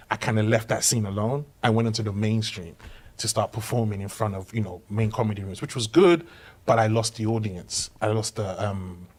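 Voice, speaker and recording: British Nigerian comedian telling stories. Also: male voice, fairly low pitch. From Britain, Nigerian family. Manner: storytelling, acts out voices. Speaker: comedian guest. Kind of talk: casual podcast chat.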